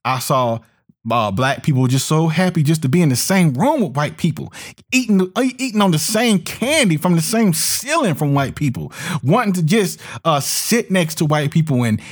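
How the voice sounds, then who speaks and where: A man's voice: on the high side, lively intonation, moderate pace. A man delivering a heated monologue, emphatic and repetitive, often restarting his words and slipping into sneering mock voices. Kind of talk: ranting monologue commentary.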